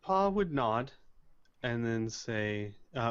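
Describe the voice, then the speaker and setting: A man narrating a tabletop role-playing game as game master, speaking in a slow, measured way and voicing characters. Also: lowish voice, a bit bright. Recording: muffled lo-fi voice chat.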